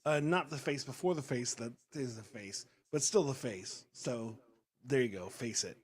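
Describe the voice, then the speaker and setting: A man's voice: mid-range voice, normal speed, breathy edge. A man hosting a casual podcast, rambling loosely through stories with lots of fillers and restarts. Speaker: podcast host and rapper.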